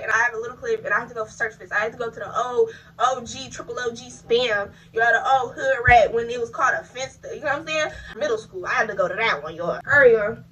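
A young adult woman telling a story casually to her viewers while she does her hair, animated and profane. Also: fairly high pitch, distant mic, a little hiss or hum, poor audio. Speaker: vlogger.

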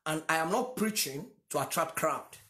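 High, lively Nigerian-accented preacher. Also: male voice, moderate pace, echoey room. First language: Yoruba. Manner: emphatic, repeats lines for stress. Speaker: pastor. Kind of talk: sermon.

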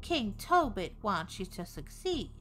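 Casting: a woman as a prim, menacing gentleman emissary, slow, lively pitch. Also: slight background noise. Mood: ominous. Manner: pompous, precise and ominous. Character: formal, lawful man serving a dark king.

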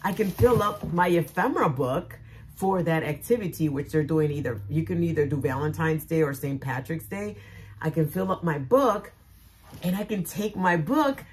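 Low-voiced woman gushing over craft mail. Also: lively intonation, moderate pace. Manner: gushing, exclamatory, repeats phrases; swings between soft murmurs and loud squeals. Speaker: crafting vlogger. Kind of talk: casual unboxing chat to camera.

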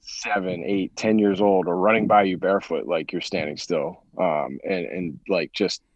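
A man's voice: low voice, steady tone, normal speed, dry recording, muffled recording. A man, a sports agent, chatting as a podcast guest in a rambling way with many restarts. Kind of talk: casual podcast chat.

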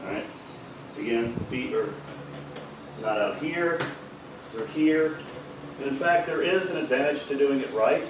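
Pausing often at a measured pace, a man with a mid-range voice gives casual instructions on his stretching routine, chatty and loose, sometimes swearing and slightly breathless. He's a fitness vlogger. The sound is echoey, the mic distant, with background noise.

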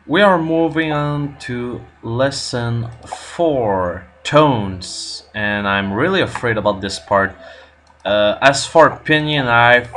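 Slow, bright-voiced nervous man learner. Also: mid-range voice, expressive, a little hiss or hum. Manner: nervous, self-doubting, halting with fillers. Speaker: language learner vlogger. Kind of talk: casual self-recorded lesson commentary.

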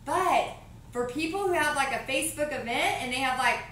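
A woman's voice: high-pitched, lively intonation, fairly quick, fairly bright tone, distant mic, slight background noise. A woman with a Texan accent chatting casually on a live painting stream from her home art studio, upbeat and reading viewer comments aloud. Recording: roomy echo, voice a bit off-mic.

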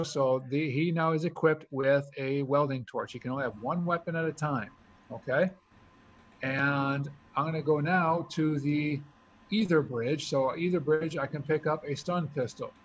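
A man talking through his moves as he explains a board game, thinking out loud in a casual way. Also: fairly high pitch. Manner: chatty, thinks aloud while moving pieces. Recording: dull lo-fi recording with faint hiss.

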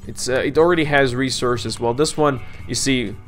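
A man casually commenting on his game, coaxing his colonists, grumbling and swearing at setbacks, and clearing his throat now and then. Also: mid-range voice, moderate pace, soft background music. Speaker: let's play gamer.

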